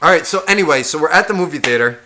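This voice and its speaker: A man's voice: a little high, very fast, a little hiss or hum. A man co-hosting a casual podcast, telling comic stories with lots of swearing and acting out what other people said. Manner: animated, swears a lot, acts out other people's lines. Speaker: podcast co-host. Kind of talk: casual chat, comic storytelling.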